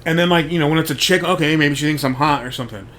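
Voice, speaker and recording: A man's voice: fairly high pitch, rapid-fire, a bit bright. A man hosting a show, telling a rambling story in a casual monologue, full of "like" and frequent swearing. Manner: rambling, heavy on "like", swears freely. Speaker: podcast host.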